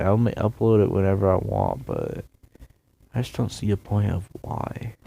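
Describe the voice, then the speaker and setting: A man with a lowish, gravelly voice rambles through a solo video rant. He sounds tired and yawny, and keeps drifting off topic into sarcastic asides. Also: mellow, a little hiss or hum. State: tired, yawning. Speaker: YouTuber.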